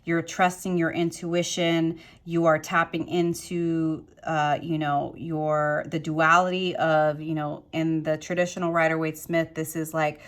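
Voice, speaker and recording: A woman with a fairly low voice gives a tarot reading straight to camera. She talks with passion and emphasis. She stacks rhetorical questions and repeated lines into a rising, motivational flow. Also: little pitch movement, unhurried, few pauses. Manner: repetitive motivational phrasing. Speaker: tarot reader.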